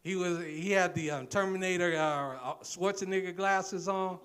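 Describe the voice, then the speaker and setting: A man hosting a live comedy show, introducing the next comedian with a relaxed, halting delivery. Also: high voice, clean tone. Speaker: show host. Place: comedy club stage.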